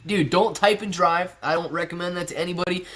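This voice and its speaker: A man's voice: high voice, steady tone, brisk, sharp tone. Laid-back man hosting a stock livestream. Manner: chatty, laid-back, often laughing, says "man" and "bro". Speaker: stock livestream host reading chat. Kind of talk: casual livestream Q&A.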